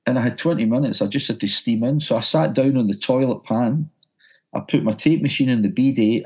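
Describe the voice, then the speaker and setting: A man's voice: fairly low pitch, warm tone, slightly rough. A middle-aged Glaswegian man, a music broadcaster, telling a story animatedly and stumbling over repeated words. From Scotland. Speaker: broadcaster and music journalist guest. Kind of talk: anecdotal storytelling.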